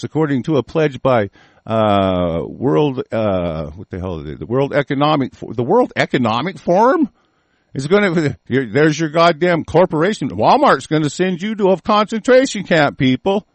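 Guy ranting, kinda high voice, stumbly reading full of uhs, dead dry sound. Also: no echo. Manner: profane, threatening outbursts between halting reading; stumbles over words with many fillers while reading. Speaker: commentator. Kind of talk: angry reading-and-rant commentary.

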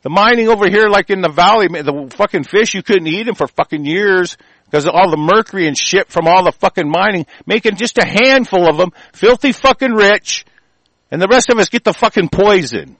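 A man's voice: high voice, animated, a little fast, fairly bright tone, no echo. A man delivering a heated, rambling rant, swearing constantly and stumbling over restarts. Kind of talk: angry profane rant.

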